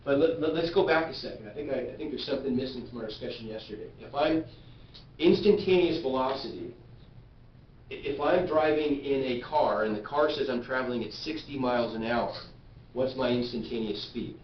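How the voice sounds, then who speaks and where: A man's voice: mid-range voice, fairly quick. A man teaching physics in a classroom, stopping often to ask the class questions and check they follow. He sounds far from the camera, with a roomy echo, a dull muffled tone and a faint hiss underneath. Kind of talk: classroom lecture. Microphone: camera at a distance.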